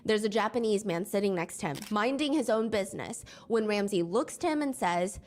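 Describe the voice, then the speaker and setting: A woman's voice: mid-range voice, expressive, brisk, slight background noise. A woman narrating a storytime commentary in a conversational, wry way. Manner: reenacts quotes in a raised, mocking voice. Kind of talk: storytime commentary with quoted clips.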